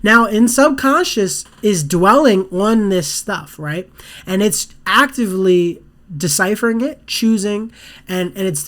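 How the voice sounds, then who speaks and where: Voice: medium pitch, expressive, unhurried, a bit bright. Rambling, filler-heavy podcast host. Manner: rambling, loose, full of "you know" and "like", restarts mid-sentence; acts out inner thoughts in quoted asides. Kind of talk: casual podcast monologue.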